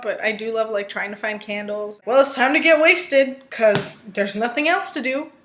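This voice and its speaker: A woman's voice: on the high side, a bit bright, poor audio. A young woman chatting casually at home in a meandering, self-deprecating way, like a vlogger talking to her camera. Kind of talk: casual rambling monologue. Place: at home indoors, during a rainstorm. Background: faint rain and ambient noise.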